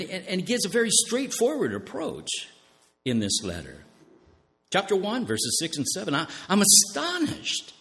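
A male pastor delivers a sermon in a large hall, posing questions to the congregation and answering them himself. His voice is higher-pitched and fairly bright, and he slows down to emphasize key words.

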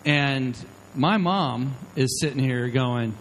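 Guy preaching on a handheld mic, acts out little scenes, mid pitch, a bit of background hiss. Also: moderate pace, low-quality recording. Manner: animated, acts out quotes of the people in his stories. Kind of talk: sermon storytelling to a live audience. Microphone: handheld microphone.

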